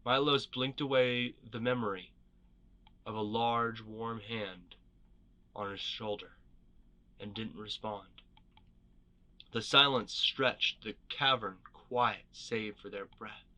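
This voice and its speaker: A man narrating fantasy lore as a storybook reading, measured and expressive. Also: lowish voice.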